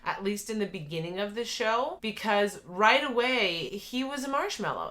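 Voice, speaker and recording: A young woman giving casual, animated commentary as a channel host, chatty and quick to laugh, often correcting herself mid-sentence. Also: a little high. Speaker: video essayist.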